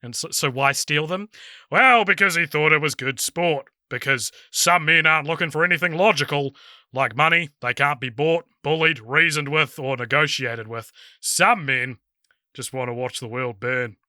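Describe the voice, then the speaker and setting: A man's voice: a little high, moderate pace, pushed and bright, no echo, studio quality. A man doing an old Kiwi butler. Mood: mock-solemn. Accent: New Zealand. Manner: mock-solemn storytelling, breaking into laughs. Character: older male butler with a Kiwi accent. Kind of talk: comic impression on a podcast.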